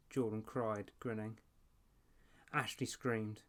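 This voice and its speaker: A man's voice: fairly low pitch, little pitch movement, unhurried. A man in his thirties reading a children's horror story aloud. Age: 30s. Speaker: audiobook reader. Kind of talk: storybook narration.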